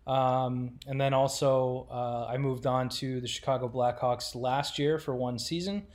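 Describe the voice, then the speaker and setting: Relaxed, rambling male podcast guest. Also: medium pitch, a little slow. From Rochester, New York. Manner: relaxed, rambling, many fillers, laughs easily. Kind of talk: casual chat.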